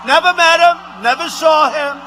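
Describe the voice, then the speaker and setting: A man doing an impression of a boastful male president giving a rambling rally speech, repeating himself and shouting out punchlines. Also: extremely high pitch, a little slow, slight background noise, exaggerated voice. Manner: repetitive, rambling, bragging, with sudden shouted lines.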